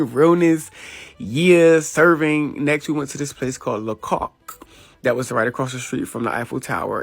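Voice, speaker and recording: A man's voice: medium pitch, no echo. A man in a casual travel vlog voice-over, flamboyant and sassy, hyping himself up. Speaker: fashion designer vlogger.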